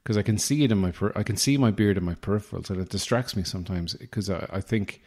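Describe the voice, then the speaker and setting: A man's voice: fairly low pitch, fast talker, darkish tone, faint music behind. An Irish man hosting a podcast, delivering a rambling, self-deprecating comic monologue with a wry manner. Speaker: podcast host.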